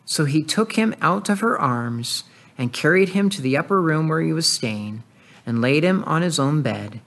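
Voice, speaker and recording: A man with a slightly raised speaking pitch delivers an earnest expository sermon. He walks through a scripture passage, reading it aloud and reflecting on it. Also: expressive, moderate pace, fairly bright tone. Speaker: pastor.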